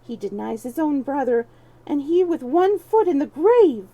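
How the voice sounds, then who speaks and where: Woman voicing a sly young male beggar-thief, scheming, mocking, archaic talk, mellow higher voice, storybook reading. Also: big pitch swings, a little slow, highs cut off, full character voice.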